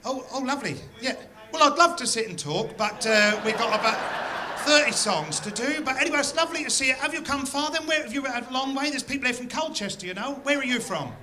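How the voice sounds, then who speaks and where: A man's voice: extremely high pitch, animated, fast talker, a crowd in the background. A man, hosting a live show on stage and chatting with the audience in a teasing, mock-scolding way. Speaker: singer and bandleader host. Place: theatre on a pier, live show. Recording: live stage with loud big band.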